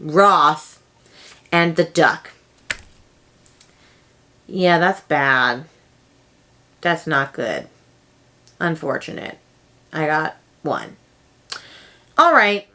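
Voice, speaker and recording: Young woman book vlogger, casual and excitable, quick high reactions. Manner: chatty and excitable, with sudden high exclamations. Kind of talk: casual chat.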